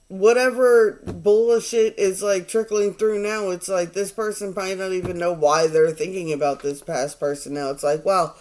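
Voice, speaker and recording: A man's voice: high voice, darkish tone. A man in his forties giving a casual tarot reading, rambling, swearing and sounding exasperated. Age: 40s. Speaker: tarot reader.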